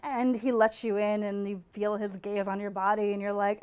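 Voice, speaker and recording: A woman hosting a podcast in casual comedic chat, animated, laughing and breaking into incredulous outbursts. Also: mid-range voice, normal speed, hardly any pauses, clean tone. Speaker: podcast host.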